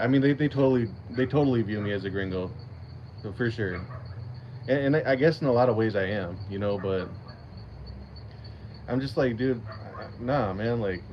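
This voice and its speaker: A man's voice: medium pitch, slight background noise. A man hosting a casual livestream, rambling and swearing freely, often breaking into laughter. His audio is a little dull. Crickets chirp faintly in the background. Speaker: channel host.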